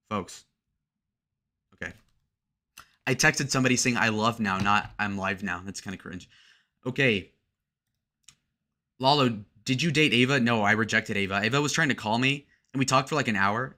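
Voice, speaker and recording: A man hosting a livestream, reading chat messages aloud and joking crudely, with sudden loud shout-outs. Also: mid-range voice. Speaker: livestream host.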